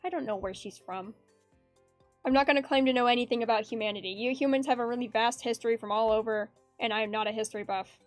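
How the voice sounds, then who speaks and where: High-voiced woman chatting while drawing. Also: fast, dry recording. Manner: rambling, giggly, reads chat aloud. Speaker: art streamer. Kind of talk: casual chat while drawing. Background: faint background music.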